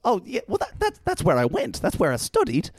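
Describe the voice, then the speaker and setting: A man's voice: high-pitched, huge pitch swings, brisk, a little hiss or hum, voice pushed up. A man doing a gushing, beaming showman impression. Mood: showy. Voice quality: bright, gushing and theatrical. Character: man impersonating a famous stage actor, beaming showman.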